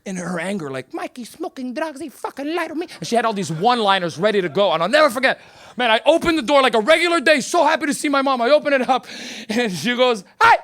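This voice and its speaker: A man in his twenties doing a stand-up comedy set in a comedy club, telling stories in an excitable, profane way full of acted-out quotes into a handheld mic. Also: very high-pitched, quick pace.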